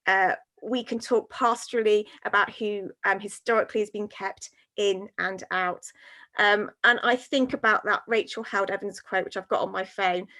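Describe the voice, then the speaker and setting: A woman's voice: mid-range voice, fairly even intonation, moderate pace, pushed and bright. A woman minister in a reflective discussion, talking earnestly and from the heart, with many fillers and restarts. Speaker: guest minister.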